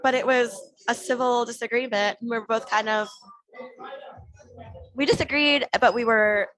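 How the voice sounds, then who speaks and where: Animated woman telling a story. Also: a little high, normal speed, rough recording. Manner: animated retelling, acting out quoted exchanges. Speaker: podcast guest. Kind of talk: casual storytelling.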